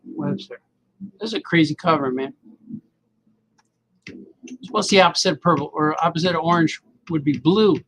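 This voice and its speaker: A man's voice: on the high side, normal speed, long pauses, fairly bright tone, slight background noise, rough recording. A man rambling and joking to himself while drawing, calling everyone "man". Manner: talks to himself, musing and joking, says "man" often. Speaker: cartoonist drawing on camera.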